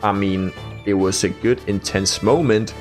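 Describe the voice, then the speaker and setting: Give me a young man with a somewhat low voice, casually reviewing films in a blunt, cursing, sarcastic way. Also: fairly even intonation, a little slow, soft background music. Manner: blunt and profane, with sarcastic asides. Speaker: movie reviewer. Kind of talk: casual spoken movie review.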